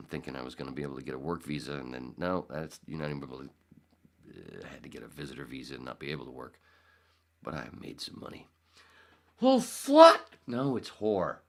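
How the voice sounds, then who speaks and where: A man's voice: a bass voice, fast, gravelly, a bit bright. A man hosting a podcast, telling a story in casual chat, rambling with frequent restarts and self-corrections. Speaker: podcast host.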